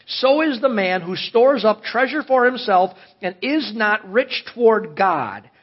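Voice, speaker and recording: Husky pastor preaching a sermon. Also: male voice, high-pitched, expressive, unhurried. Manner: earnest, questioning the congregation, emphatic rises. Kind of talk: sermon with scripture reading. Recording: dull lo-fi audio.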